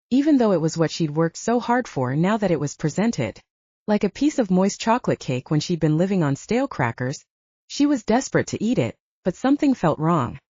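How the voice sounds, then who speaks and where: A woman narrating a scripted audiobook with expressive storytelling, in a slightly muffled lo-fi recording. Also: fairly low pitch, no room sound.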